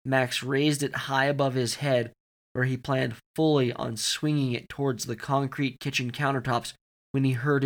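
A man narrating a horror story in a measured, deadpan way. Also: medium pitch. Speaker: narrator and player.

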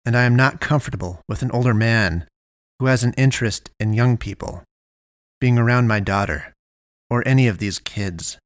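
A man's voice: medium pitch, normal speed, no echo, clean studio sound, close to an everyday voice. A man voicing an angry, suspicious middle-aged father who growls his demands. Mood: demanding.

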